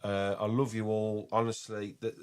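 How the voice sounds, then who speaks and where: A man's voice: on the low side, little pitch movement, normal speed, darkish tone, clean tone. A man hosting a fan phone-in, friendly, teasing and enthusiastic. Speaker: host.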